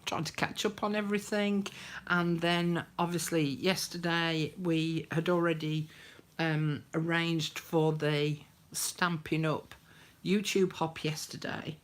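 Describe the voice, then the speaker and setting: An older woman hosting a casual craft live stream, chatty and greeting viewers by name, her voice dropping to soft murmurs as she works. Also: on the low side.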